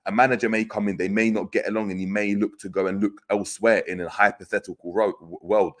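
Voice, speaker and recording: Brief: man, low voice, casual stream host reading viewer comments, loose and chatty with restarts. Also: fairly even intonation, quick pace. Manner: conversational, many fillers and restarts, reads out comments. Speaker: football podcast host.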